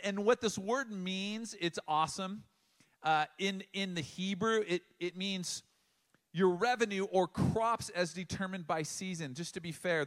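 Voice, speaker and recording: Middle-aged male pastor, higher-pitched voice; conversational sermon, emphatic pauses. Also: a bit bright.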